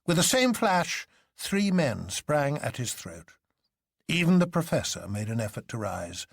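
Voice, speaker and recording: A man reading a novel aloud in scripted narration, measured and expressive. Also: medium pitch, gravelly, slightly rough, dry recording, clean studio sound.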